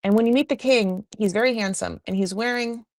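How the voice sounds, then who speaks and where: A woman's voice: on the high side, fairly quick, no room sound. A woman hosting a podcast, recapping a reality show in a chatty, gossipy way full of fillers. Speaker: podcast host.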